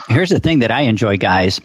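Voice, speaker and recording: A man's voice: mid-range voice, animated, normal speed, vocal fry, a little hiss or hum. A man co-hosting a podcast, telling stories and encouraging the others in casual chat. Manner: storytelling, encouraging. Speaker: podcast co-host.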